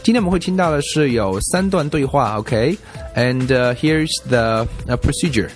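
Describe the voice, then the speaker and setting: Male teacher, bilingual explanation, repeats phrases, soft music underneath. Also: medium pitch, animated. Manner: repeats example phrases slowly, switches between Chinese and English. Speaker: language teacher.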